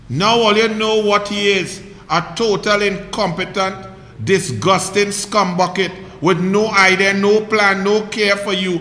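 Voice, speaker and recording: A man's voice: high voice, unhurried. Combative Trinidadian man in an echoey room. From Trinidad and Tobago. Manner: mocking, combative, shouting rhetorical questions. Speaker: political commentator. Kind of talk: heated political monologue.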